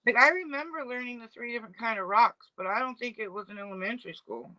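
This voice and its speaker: A woman chatting casually as co-host, thinking out loud. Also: on the high side, fast, over a noisy crowd, low-quality recording. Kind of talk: casual chat.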